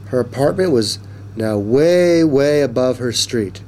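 Reading a children's story at an unhurried pace, a man in a mid-range voice brings lively, expressive energy to each line. Faint room hum can be heard beneath him.

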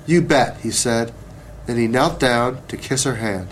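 A man reading a children's story aloud, slow and deliberate. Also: medium pitch, steady tone, fairly bright tone, slight background noise. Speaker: narrator.

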